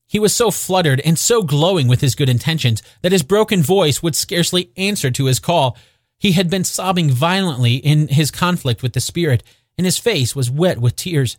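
A man narrating a classic novel as an audiobook, with expressive, measured storytelling. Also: fairly high pitch, dry recording, clean studio sound.

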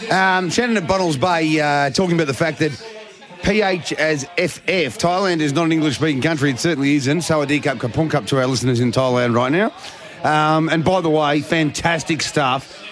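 An Australian man hosting a radio racing show, jokey and chatty as he reads out listener messages. His voice sits a little high. He talks in loose, casual banter. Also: a little fast, a bit bright, faint music behind. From Geelong, Australia.

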